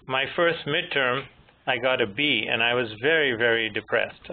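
A man in his fifties, moderator and presenter, giving a measured technical lecture with gentle humor. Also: mid-range voice. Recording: tinny phone-line audio with faint noise.

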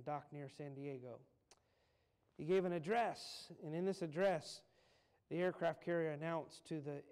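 Male preacher giving a sermon in church, kinda high voice, gets loud and slows way down to hammer points. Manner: builds to loud emphatic peaks, slows on key phrases. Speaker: pastor. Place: church sanctuary.

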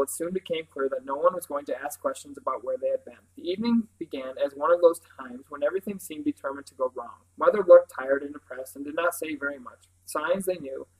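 A man's voice: on the high side, fast talker, hardly any pauses, rough recording. A man reading a novel aloud in an unpolished way, stumbling now and then and correcting himself. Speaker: reader.

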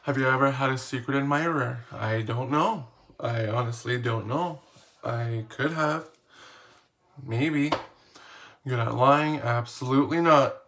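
A man's voice: mid-range voice, a little slow, a bit bright, a little hiss or hum. A man casually reading questions aloud and answering them in a playful, slangy, self-mocking vlog. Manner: reads each question aloud, then answers. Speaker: vlogger.

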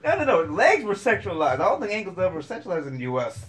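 A man in a casual chat with friends, arguing back with quick, incredulous retorts. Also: sits high, big pitch swings, a bit bright. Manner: argumentative, quick retorts and laughing disbelief.

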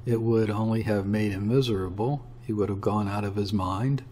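A man's voice: fairly low pitch, fairly even intonation, normal speed, a little mellow, slight background noise, natural voice. A man voicing a nervous, pleading, tender-hearted young woman. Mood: anxious.

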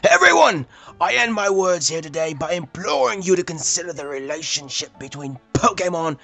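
A man's voice: fairly high pitch, animated, moderate pace, vocal fry, sharp tone, faint music behind, voice pushed up, full character voice. A man voicing a pompous male cult leader who gives a grand, preachy speech in a game playthrough. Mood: preaching. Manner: grand, preachy oratory, breaking into laughs. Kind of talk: let's play voice acting.

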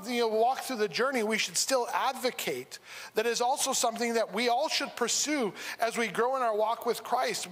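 A man's voice: very high-pitched, a bit bright. A man preaching a sermon in a church, talking in a loose, joking way with many restarts. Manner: conversational, humorous, with frequent restarts. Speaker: pastor. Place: church sanctuary. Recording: reverberant church hall.

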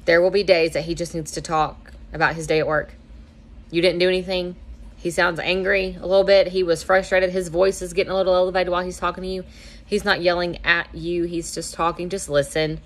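A woman's voice: on the low side, level tone, a little fast. A young woman hosting a casual advice talk, chatty and acting out little dialogues in a lighter voice. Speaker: host giving marriage advice.

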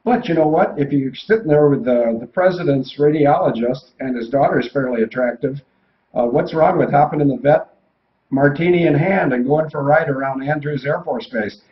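A man's voice: a little high, normal speed, echoey room, lo-fi sound. An older man, a retired pilot and co-host, telling rambling anecdotes in casual chat.

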